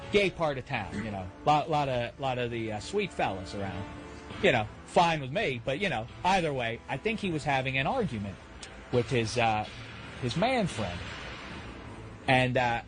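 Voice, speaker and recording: A man hosting a radio show, telling exasperated comic stories and shouting the punchlines. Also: high voice. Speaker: radio host. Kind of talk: comedic radio rant. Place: Los Angeles.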